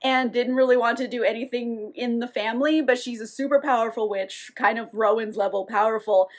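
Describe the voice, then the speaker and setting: A woman with a high, bright voice who recaps a novel casually. She swears freely, laughs often and keeps her delivery animated. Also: brisk. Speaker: book reviewer. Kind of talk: casual book recap vlog.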